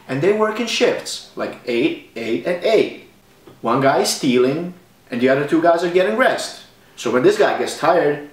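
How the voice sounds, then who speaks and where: A young man from Bosnia, delivering a jokey deadpan comedy monologue straight to the camera. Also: a little high. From Bosnia and Herzegovina. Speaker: comedy vlogger. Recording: echoey room with faint background noise, voice a bit off-mic.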